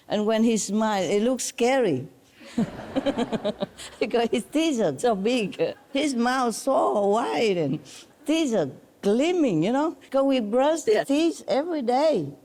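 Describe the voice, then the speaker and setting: A woman's voice: fairly high pitch, sing-song, slow, mellow, slight background noise. A woman spiritual teacher telling fond, teasing stories in casual chat, laughing often.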